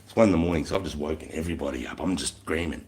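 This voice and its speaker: A man's voice: a bass voice, rapid-fire, a little mellow. An Australian man in his thirties, a former army instructor, telling stories in a casual live stream with blunt, heavily profane speech.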